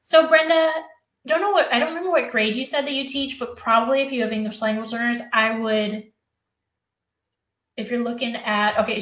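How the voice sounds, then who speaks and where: A woman's voice: on the high side, a bit bright, roomy sound. Chatty woman hosting a live teacher workshop. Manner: chatty, self-correcting, addresses viewers by name. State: losing her voice. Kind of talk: live stream workshop, answering chat questions.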